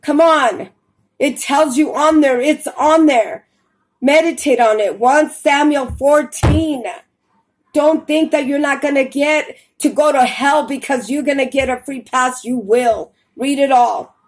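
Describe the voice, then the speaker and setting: A woman preaches with urgent, repetitive warnings, her voice sitting fairly high. She reads and explains scripture to her listeners. A faint hiss sits behind her. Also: unhurried, low-quality recording. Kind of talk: preaching a Bible reading.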